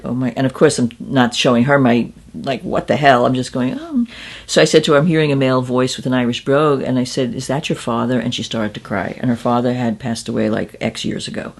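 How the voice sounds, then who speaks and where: Gravelly-voiced woman telling her story. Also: rumbling low, darkish tone. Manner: candid, self-deprecating, conversational. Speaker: psychic medium. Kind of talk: interview storytelling.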